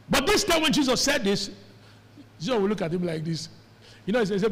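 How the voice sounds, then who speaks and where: Animated preacher, high voice. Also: male voice, quick pace. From Nigeria. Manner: animated, calls on the congregation to respond. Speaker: pastor. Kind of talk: sermon. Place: church hall. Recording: echoey church hall.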